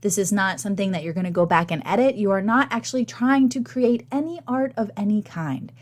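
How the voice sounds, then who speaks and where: Woman with a gravelly, worn voice. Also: medium pitch, fairly even intonation, fairly quick. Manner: candid, chatty, self-deprecating. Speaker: podcast host and teaching artist. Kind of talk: solo podcast talk.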